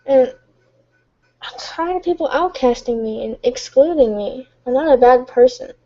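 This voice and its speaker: Tired girl talking late at night, kinda high voice but mellow, halting and emotional, muffled lo-fi mic. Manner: soft, halting, emotional, with stumbles and restarts. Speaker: vlogger. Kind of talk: late-night confessional live stream. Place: home, at night.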